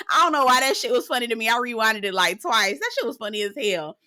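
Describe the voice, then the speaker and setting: A young adult woman reviewing a reality TV episode in a sassy, profane, animated recap, often breaking into laughter. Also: fairly high pitch, quick pace. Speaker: TV show reviewer.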